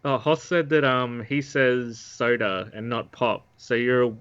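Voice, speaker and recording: A man's voice: medium pitch, takes it slowly, a bit bright, smooth, muffled recording. An Australian man in casual chat, laid-back, swearing freely and laughing often.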